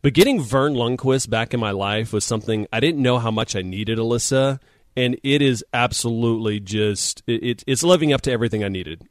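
Animated man telling a sports story. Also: mid-range voice, brisk, dry recording. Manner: animated storyteller, acts out quotes. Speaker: sports show co-host. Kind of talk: casual storytelling chat. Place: home, on a video call. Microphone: video call.

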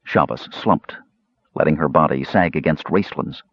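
A man reading a fantasy novel aloud as an expressive audiobook narrator. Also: rumbling low, moderate pace, gravelly, husky, no echo. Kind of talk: scripted narration. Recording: slightly muffled dry recording.

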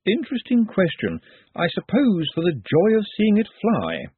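A man voicing a calm, dry-witted male city ruler who speaks in a measured, wry way. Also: sits high, breathy edge, dry recording, voice pushed up, full character voice. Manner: measured, wry, drily amused. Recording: dry, phone-like narrow sound.

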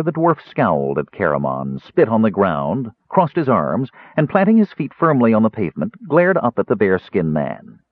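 Low husky audiobook narrator, man. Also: no room sound. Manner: measured storytelling, dropping low on asides. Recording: narrow tinny phone-like audio.

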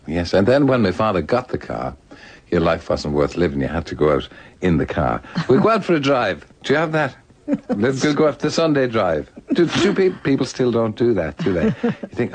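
A man's voice: medium pitch, wildly swooping pitch, fairly quick, dry recording. An older Irish man telling stories in a radio conversation, laughing often and slipping into little voices. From Ireland. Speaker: guest author.

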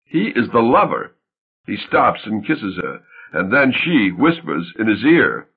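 A man narrating an audiobook in a husky voice. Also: lowish voice, big pitch swings, a little slow. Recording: tinny phone-like sound.

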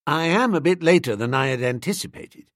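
A man reading a fretful young English gentleman. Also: on the high side, animated, a little fast, creaky, dry recording, clean studio sound. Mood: pleading. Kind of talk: audiobook character reading.

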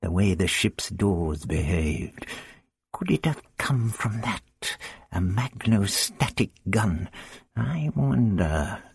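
A man's voice: fairly low pitch, lively intonation, slow pace, vocal fry, slightly rough, no echo, studio quality, heavily acted. A man voicing an irascible elderly male time traveller who barks commands impatiently. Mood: muttering.

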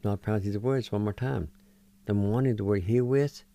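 Male radio host, language teacher; patient and encouraging, mellow tone, dry close sound. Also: on the low side, fast, no echo. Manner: patient, spells words letter by letter and repeats them. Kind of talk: slow spelling and pronunciation lesson.

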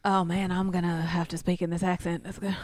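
Woman, player, lower voice, dry close sound, joking, laughs often. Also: little pitch movement, quick pace, no echo. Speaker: tabletop game player. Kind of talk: casual chat.

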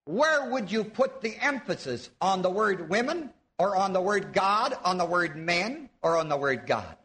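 A man's voice: high voice, sing-song, measured pace, a bit bright. A man preaching a sermon, teaching his audience, asking them questions and drawing out the words he wants to stress. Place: church before a live audience.

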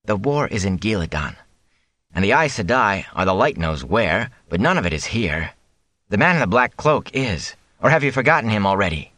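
A man's voice: fairly low pitch, very animated, fairly quick, bright, forceful tone, dry recording. A man reading an audiobook, voicing an earnest, worried young farm son with a tense manner. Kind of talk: audiobook character voice.

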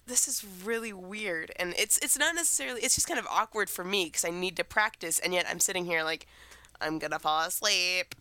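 A teenage girl, co-host of a podcast, rambles casually about her week while recovering from a cold. She speaks briskly in a fairly low voice that is bright and forceful, captured in a dry recording.

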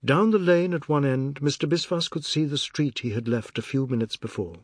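A man reading a novel aloud in a measured, descriptive audiobook narration. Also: medium pitch, breathy edge, no room sound, clean studio sound.

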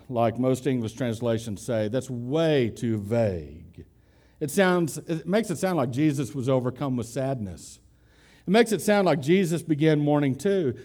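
Guy preaching a sermon, super expressive pitch, warm mellow voice, chatty and asks the crowd stuff. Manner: conversational, asks the congregation questions; slows down to stress key words. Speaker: pastor. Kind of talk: expository sermon.

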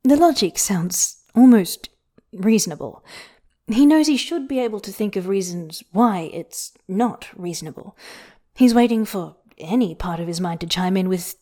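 A woman reading a story aloud with an intimate, hushed delivery that slips into whispers. Her tone is mellow and warm. The pitch sits in a middle range for a woman. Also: expressive, normal speed. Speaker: podfic reader. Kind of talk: expressive story narration.

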